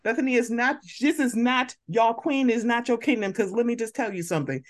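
Blunt, animated woman podcast host. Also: on the high side, brisk. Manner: animated, blunt, slangy commentary with quoted asides. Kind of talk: casual chat.

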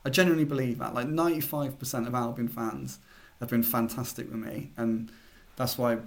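A man's voice: mid-range voice, fairly even intonation, fairly quick. A man co-hosting a football podcast as a journalist, chatty and hesitant, with many restarts and fillers. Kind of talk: casual podcast chat.

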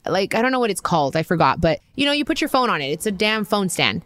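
A woman host casually telling a personal story, chatty and animated, full of asides and quoted dialogue. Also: medium pitch, fast talker, no room sound. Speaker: podcast host.

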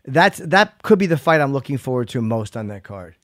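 A man's voice: medium pitch, big pitch swings, a little fast, fairly bright tone, no room sound. A man hosting a podcast in casual chat, loose and stumbling, swearing now and then. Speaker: podcast host.

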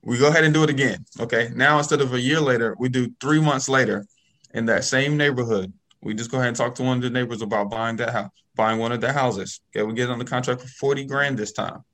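A man guest telling a story about starting in real estate in a casual, animated way, often checking in with "okay?" and "right?". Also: medium pitch, fast.

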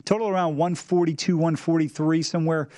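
A man co-hosting a sports betting radio show, making quick, wry remarks. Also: on the high side, steady tone, mellow, no echo, clean studio sound. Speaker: co-host.

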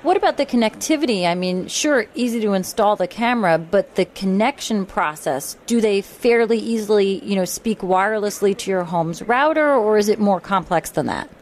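A woman's voice: mid-range voice, lively intonation, normal speed, hardly any pauses, a little mellow. Female radio co-host, friendly, mid-range voice, faint noise behind. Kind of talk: radio show co-hosting.

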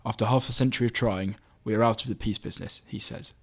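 A man reading his own magazine article aloud in measured, even scripted narration. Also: fairly low pitch, gravelly.

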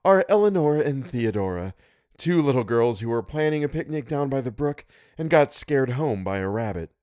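A man reads an audiobook, voicing a witty, teasing young woman in a wry, playful way, pitched above his own natural voice. His mid-range voice has lively intonation, a moderate pace, and a darkish tone. The studio-quality recording has no room sound.

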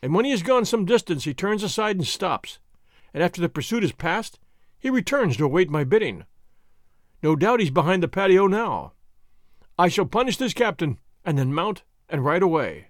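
A man's voice: high-pitched, sing-song, normal speed, dry recording, clean studio sound. A man voicing a bold, dashing masked swordsman who talks in a proud, taunting, declamatory way. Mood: boastful.

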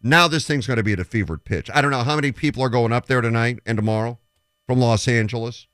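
A man's voice: mid-range voice, quick pace, fairly bright tone, slight background noise. A man hosting sports talk radio, making emphatic predictions and retelling stories with quoted dialogue.

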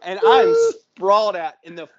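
A man hosting a podcast, telling a long story in a casual, profane, animated way. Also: high voice, normal speed, dull audio, very noisy. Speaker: podcast host.

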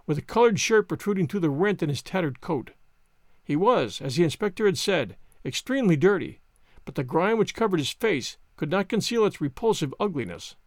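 A man narrating a story in an expressive, animated reading style. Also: high-pitched, no echo, clean studio sound. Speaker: audiobook narrator.

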